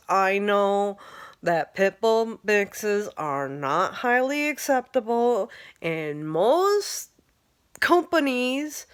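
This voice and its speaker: A young woman venting an angry personal rant, heated and exasperated, swearing often. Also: a little high. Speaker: vlogger.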